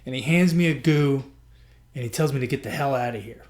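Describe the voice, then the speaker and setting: Male podcast host, earnest and emotional storyteller who repeats his phrases, voice of middling pitch. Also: fairly quick, darkish tone. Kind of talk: personal storytelling.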